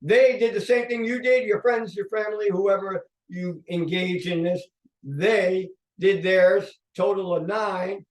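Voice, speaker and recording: A man's voice: fairly even intonation, measured pace. A man giving an upbeat sales presentation as a company founder, often checking in with the audience. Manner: upbeat pitching, checks in with "okay?". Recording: echoey room, voice from a distance.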